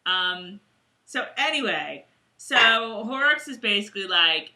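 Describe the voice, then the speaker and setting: Bright chatty woman co-host, swoops up and down, giggly, does silly accents. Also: mid-range voice, lively intonation, a little slow. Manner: giggly, slips into playful mock British accents. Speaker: podcast co-host. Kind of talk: casual chat.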